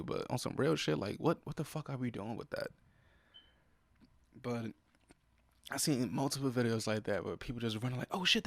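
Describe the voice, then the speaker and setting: This young man hosts a casual one-man podcast, irritably swearing his way through the things that annoy him. His voice is gravelly and mid-range, recorded close on a podcast mic with no room sound.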